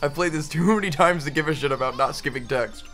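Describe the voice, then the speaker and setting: A young man co-hosting a let's play, relaxed and teasing, laughing often as he chats. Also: fairly high pitch, fast, soft background music. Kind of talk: casual gaming commentary.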